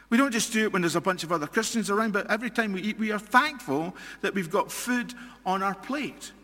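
Scottish preacher, bright voice, long hall echo. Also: male voice, high voice. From Scotland. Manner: earnest, repeats and restarts phrases, rises for emphasis. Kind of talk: sermon.

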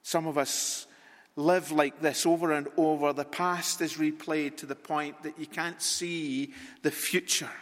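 High-pitched guy preaching slow, lots of pauses, big echoey church. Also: flat delivery, fairly bright tone. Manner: deliberate, repetitive rhetorical preaching with long pauses. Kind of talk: sermon. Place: church sanctuary. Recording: long reverb in a large hall.

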